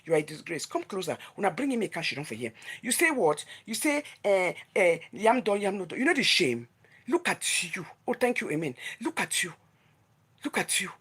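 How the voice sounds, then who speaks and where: A woman with a Nigerian accent, a husky, slightly breathy voice pitched in the middle range. She scolds her target directly in a heated vlogger rant, hammering her points with repeated phrases. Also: very animated, a little fast, fairly bright tone. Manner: confrontational, scolding, emphatic repetition. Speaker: vlogger running a gossip news channel.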